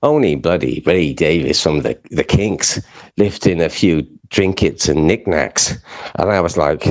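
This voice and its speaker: A deep-voiced man rants through a comic monologue. He talks in aggrieved, gossipy bursts, swearing all the way. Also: animated, unhurried. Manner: ranting, frequent swearing.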